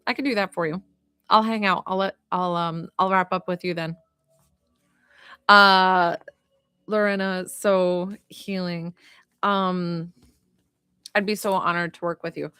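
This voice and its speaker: A woman working as a medium and healer, talking gently and unhurriedly to viewers during a live-stream reading and healing session, with frequent fillers. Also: fairly low pitch, fairly even intonation, measured pace, long pauses, clear, resonant tone, no echo, clean studio sound.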